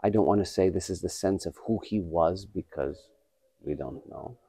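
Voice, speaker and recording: A man in his fifties, a pianist and playwright, giving thoughtful, measured answers in an interview with many pauses. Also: deep voice, warm tone, slightly rough, dry recording. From Canada. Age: 50s. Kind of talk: conversational interview.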